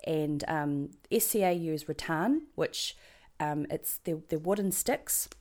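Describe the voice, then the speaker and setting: A woman's voice: deep voice, expressive, takes it slowly, darkish tone. A woman with a New Zealand accent, a guest chatting in an interview, rambling along with lots of ums and restarts and laughing at her own jokes. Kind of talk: casual interview chat.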